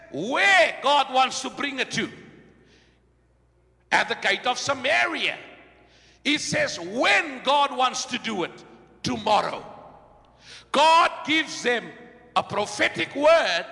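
A man preaching a sermon, shouting refrains and leading the congregation in call-and-response. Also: very high voice, creaky, big-room sound.

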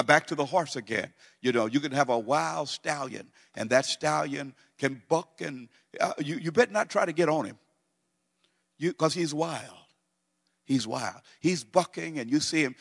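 Man, middle-aged pastor, sermon, gravelly voice, loud excited bursts and quiet low passages, long church-hall reverb. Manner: rises to excited near-shouting, then drops low and quiet.

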